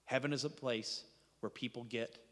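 A man preaching a sermon, dramatic, acting out quoted voices and dropping to a hushed intensity. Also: mid-range voice, fairly even intonation, normal speed, long reverb tail.

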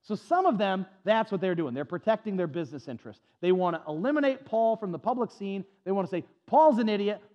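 A man delivers an animated sermon in a church, his voice sitting high for a man. He moves quickly between rhetorical questions and scripture reading. The recording sounds dull and lo-fi. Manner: animated preaching, mocking voices of critics. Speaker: pastor.

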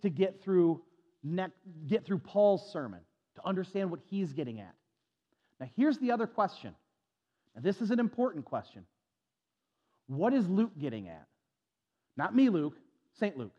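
A man preaching a sermon to a congregation in a church, lively and animated, sometimes mocking the voices of critics. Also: high-pitched, dull audio. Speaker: pastor.

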